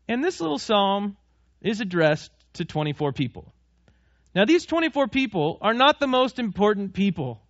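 A man with a high voice preaches a sermon in a loose, chatty way, putting questions to his listeners and cracking jokes. The sound is dry and a little dull and muffled. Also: fairly bright tone, dry recording. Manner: conversational, asks the congregation questions and jokes. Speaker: pastor.

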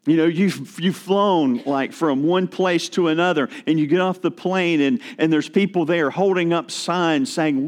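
A middle-aged man preaching a sermon, slow and earnest, dropping to a hush for emphasis. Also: on the high side. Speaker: pastor.

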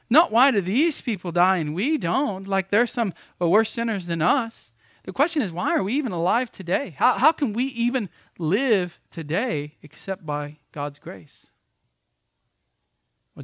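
A man's voice: sits high, fairly bright tone, no echo, clean studio sound. A man who is a pastor, preaching a sermon with emphatic repetitions.

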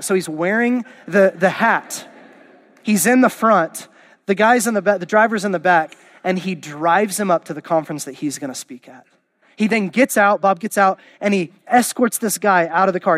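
Storytelling male pastor, slightly high voice. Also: a little fast. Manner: storytelling, acts out quoted voices. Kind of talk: sermon.

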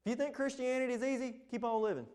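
A man's voice: extremely high pitch, fairly even intonation, rapid-fire, a little mellow, clean tone. A man, preaching a sermon in an impassioned, emphatic way. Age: 20s. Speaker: pastor.

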